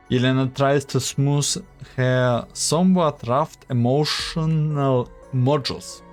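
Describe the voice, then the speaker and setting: A man's voice: mid-range voice, takes it slowly, pauses often, soft background music. A man casually narrating a game story, with offhand comments and self-corrections.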